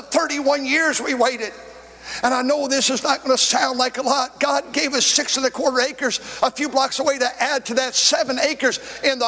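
A man preaching a sermon as pastor, telling stories and shouting out drawn-out lines. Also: very high voice. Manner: storytelling preacher, swings from quick talk to shouted, drawn-out lines. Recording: long hall reverb.

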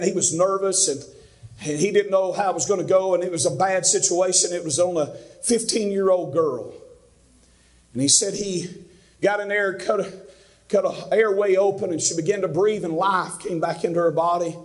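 High-voiced man preaching a sermon. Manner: earnest, rising to fervent peaks. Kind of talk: sermon storytelling.

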